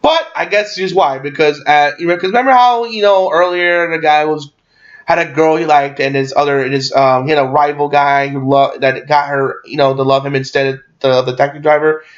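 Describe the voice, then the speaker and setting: Excitable young man on a dull lo-fi mic. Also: a little high, fairly quick. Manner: excitable, full of fillers and restarts, swears freely. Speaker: movie reviewer. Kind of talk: rambling casual movie recap.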